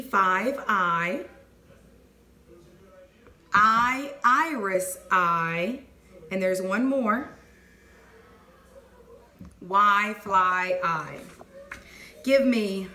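A woman teacher leading a phonics dictation lesson, clearly sounding out letters and words and praising answers. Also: mid-range voice, slow, long pauses, pushed and bright. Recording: echoey room with faint noise.

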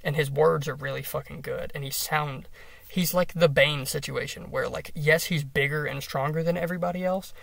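A young man rants enthusiastically on his solo podcast, rambling with plenty of swearing and filler words. His fairly high, gravelly voice is steady and fairly bright at a normal speed. The recording is dry, without echo, and he sits a bit far from the mic.

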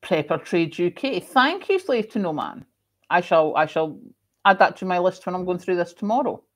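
A middle-aged Scottish woman, her accent moderated, speaks at a normal speed in a fairly low voice as she hosts a livestream. She chats casually, reading viewer comments, and coughs and ums frequently.

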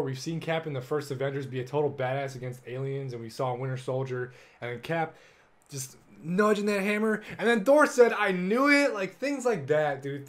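A young man hosting a casual solo podcast, excitable and full of swearing, jumping between loud bursts and low mumbles. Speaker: podcast host.

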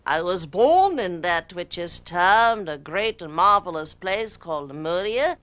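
A woman's voice: lowish voice, animated, unhurried, a bit bright. A woman voicing an ancient male spirit teacher in a put-on British accent, making archaic, pompous pronouncements. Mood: grandiose.

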